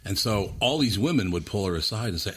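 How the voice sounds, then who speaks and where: A man's voice: lowish voice, lively intonation, brisk, a crowd in the background. A man hosting a podcast in casual chat, swearing freely and teasing his guest. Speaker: podcast host.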